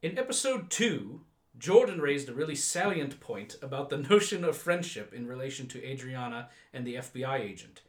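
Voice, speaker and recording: A man's voice: mid-range voice, sing-song, normal speed, reverberant, close to an everyday voice. A man reading out a listener's email in a put-on English accent, voicing a polite, wordy male listener. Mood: courteous. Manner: formal, articulate letter-writer.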